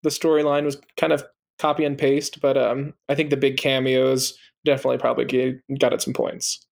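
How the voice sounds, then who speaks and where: A man's voice: medium pitch, flat delivery, fairly quick, gravelly, darkish tone. A man in a casual movie chat, talking easily and teasing with mock indignation.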